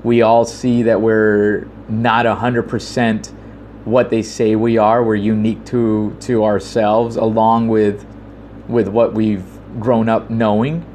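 A man giving a casual commentary monologue, rambling with frequent fillers and restarts, growing animated when he retells a story. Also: on the low side, slow pace, slight background noise.

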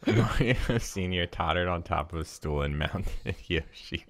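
A man's voice: sits low, measured pace, creaky, fairly bright tone, no room sound. A man co-hosting a podcast who reads a story aloud, chuckling at times, and chats casually. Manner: laughs while reading, lots of fillers in chat. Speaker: podcast co-host. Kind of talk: reading a story aloud, then casual chat.

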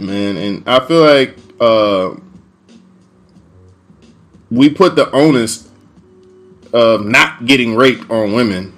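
A young man in casual conversation, earnest and emphatic, with slangy asides. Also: on the low side.

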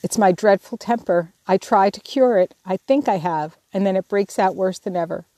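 A woman's voice: medium pitch, moderate pace, warm tone, no echo, close to an everyday voice. A woman reading the part of a remorseful, hot-tempered teenage girl, pleading and tearful. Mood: despairing.

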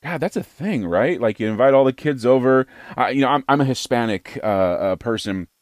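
Brief: American male podcast host, lively swooping delivery, emphatic and rhetorical, dry close sound. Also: medium pitch, fairly quick, dry recording. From United States. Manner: emphatic, rhetorical, repeats phrases for effect. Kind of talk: opinionated podcast monologue.

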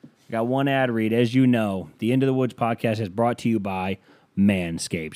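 Man, podcast host, sarcastic, deadpan, casual swearing, dry close mic. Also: lowish voice, normal speed, no room sound. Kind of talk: casual podcast chat with ad read.

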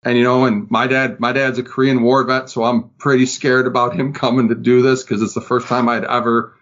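Man, relaxed plain-spoken storyteller, muffled sound. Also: mid-range voice, a little fast. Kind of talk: casual storytelling.

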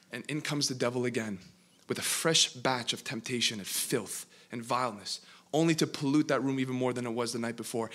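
Bright-voiced preacher telling a dramatic parable. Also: male voice, mid-range voice. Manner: dramatic, building narration with sudden bursts. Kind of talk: sermon storytelling.

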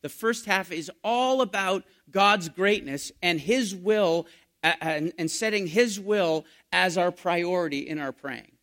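A male pastor preaching a sermon, asking his listeners questions and moving between hushed and emphatic delivery. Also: high-pitched, measured pace. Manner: dynamic preaching, asks the congregation questions, swings from hushed to loud.

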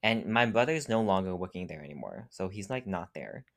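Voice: sits low, very animated, brisk, vocal fry. A young adult podcast co-host telling a casual story in a rambling way, with lots of "like" and frequent laughter.

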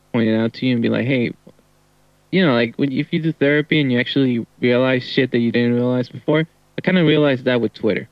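A man co-hosting a casual podcast, talking haltingly with many pauses and restarts. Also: medium pitch, no echo. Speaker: podcast co-host. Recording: dry muffled lo-fi sound.

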